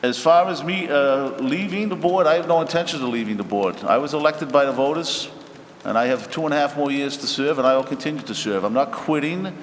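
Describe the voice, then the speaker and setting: A man makes a firm, measured statement to a public meeting. His voice sits at a middle pitch and rings in a hall with a long tail. Faint room noise lies beneath. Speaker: school committee member.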